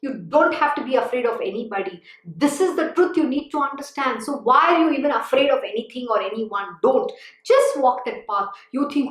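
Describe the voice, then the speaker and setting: A woman with a high voice delivers an earnest, exhorting spiritual discourse, urging her listeners on and often saying "you know". Her voice rings in an echoey room. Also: animated, fairly quick. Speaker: spiritual teacher. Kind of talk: devotional discourse.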